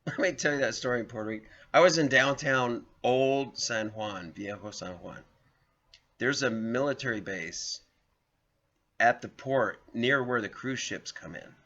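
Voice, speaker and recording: A man's voice: medium pitch, normal speed, sharp tone. A man, reading an article aloud and drifting into rambling personal stories, chuckling often. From Southern United States. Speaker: video host. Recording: dull lo-fi recording.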